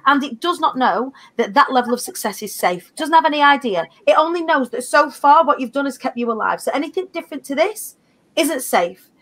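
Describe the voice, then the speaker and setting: A woman's voice: high-pitched, animated, fairly quick, a bit bright. A woman, a guest on a panel, talking earnestly and expressively, with blunt slang. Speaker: panel guest, foundation founder. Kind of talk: motivational panel talk.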